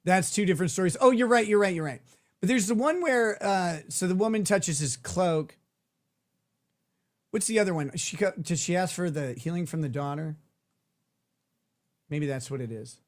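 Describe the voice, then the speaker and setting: A man's voice: sits high, animated, normal speed, pauses often. A man hosting a livestream, chatting casually, joking and swearing irreverently. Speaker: host.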